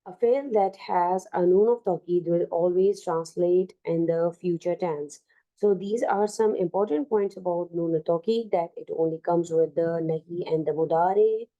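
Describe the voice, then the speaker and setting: A woman with a South Asian English accent teaching an online Arabic grammar lesson, explaining slowly with many fillers and restarts. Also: on the low side, warm tone, highs cut off.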